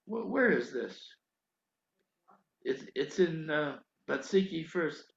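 An older man preaching a sermon, telling a story in an animated way that rises to emphatic pleading. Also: a little high, slow, creaky, echoey room, muffled recording.

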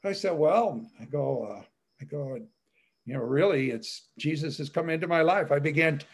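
High-voiced man telling a chatty testimony. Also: normal speed, creaky, breathy edge. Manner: chatty, many "you know" fillers, chuckles often. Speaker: speaker sharing his testimony with fellow believers. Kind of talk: rambling personal testimony talk.

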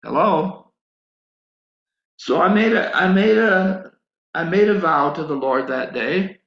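A man's voice: a little high, takes it slowly. A man preaching a sermon, telling a personal story and acting out his own prayers. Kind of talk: sermon testimony. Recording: echoey, dull lo-fi sound.

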